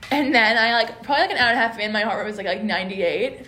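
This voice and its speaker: A young woman co-hosting a podcast in casual chat, telling stories in an animated, rambling way full of "like". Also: fairly high pitch, very fast, slight background noise. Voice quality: rambling and animated, heavy "like" filler. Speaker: podcast co-host. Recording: echoey room.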